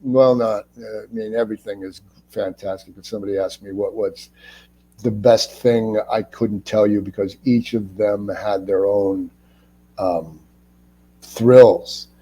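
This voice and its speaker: A man from Cleveland, an actor guest, telling profane, animated anecdotes in a casual interview. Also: on the low side, unhurried, slightly rough, poor audio. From Cleveland, USA.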